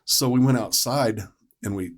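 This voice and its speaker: A man's voice: medium pitch, normal speed. A man who is a paramedic, telling a story on a podcast panel, rambling with lots of fillers and restarts.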